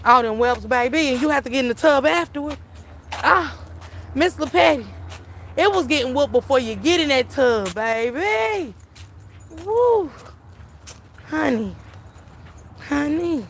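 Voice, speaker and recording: A middle-aged woman hosting a livestream, telling stories in an animated, emphatic way, with plenty of swearing, while she walks outdoors and talks into her phone. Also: high voice, normal speed, creaky, pauses often, slight background noise. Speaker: livestream host. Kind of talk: casual storytelling chat. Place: outdoors, walking through town.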